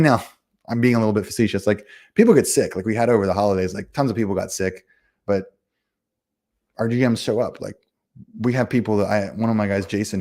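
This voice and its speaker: A man's voice: fairly low pitch, a little mellow. A man hosting a casual livestream and answering viewer comments about running games, in a blunt, self-assured, rambling way with lots of fillers. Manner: fast, rambling, full of fillers and restarts. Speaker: livestream host and game company owner.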